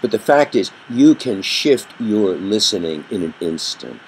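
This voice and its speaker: A man teaching a communication workshop, telling a story with an animated delivery that rises and drops for effect. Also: fairly low pitch, a little slow, few pauses, a little hiss or hum, poor audio. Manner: animated storyteller, rising and dropping his voice for effect. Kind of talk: storytelling lesson.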